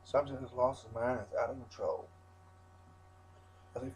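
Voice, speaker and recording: A man's voice: medium pitch, fairly even intonation, normal speed, a little mellow, a little hiss or hum, low-quality recording. A wrestler in a rambling, defiant interview rant, swearing constantly and restarting his sentences.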